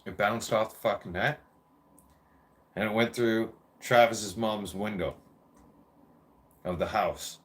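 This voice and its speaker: A man's voice: lowish voice, steady tone, takes it slowly, pauses often, fairly bright tone. A man in his forties telling a rambling, profane childhood story in a casual rant.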